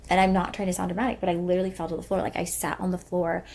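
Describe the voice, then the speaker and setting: Brief: young woman podcast co-host, husky with gravelly fry, earnest and rambling. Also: fairly low pitch, flat delivery, very fast, darkish tone. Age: young adult. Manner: earnest, rambling with many fillers. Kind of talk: casual emotional chat.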